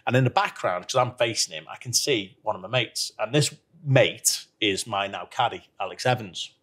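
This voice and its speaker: On a podcast, a pro golfer spins an anecdote in a lowish, husky, slightly bright voice at a moderate pace. Laughter runs through his storytelling, and he acts out what others said.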